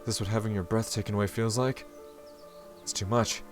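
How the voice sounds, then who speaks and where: A man's voice: fairly low pitch, steady tone, a little fast, soft background music, close to an everyday voice. A man reading aloud the inner monologue of a formal, flustered young male samurai from a visual novel. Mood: earnest.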